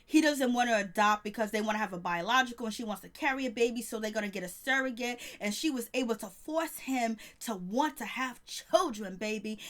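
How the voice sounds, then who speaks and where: A woman chatting casually as she recaps a reality show, animated and laughing often, greeting her viewers by name. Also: on the high side. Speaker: vlogger reviewing a reality show.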